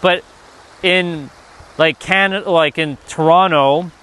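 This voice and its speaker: A man's voice: a little high, slow pace, fairly bright tone, clear, resonant tone. A man hosting a casual spiritual livestream, rambling loosely, reading the chat and swearing now and then.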